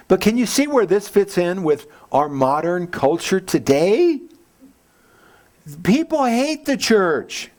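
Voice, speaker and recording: A man preaching a church sermon as pastor, casual and joking, acting out quotes in lively voices. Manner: animated, jokey, acts out quotes with big pitch jumps.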